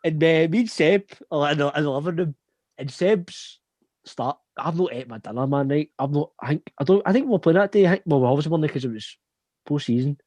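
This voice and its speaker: Young Scottish man telling stories, slightly high voice. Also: fairly quick, warm tone, no echo. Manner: swears often, laughs through anecdotes. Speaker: podcast host. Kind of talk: casual storytelling chat.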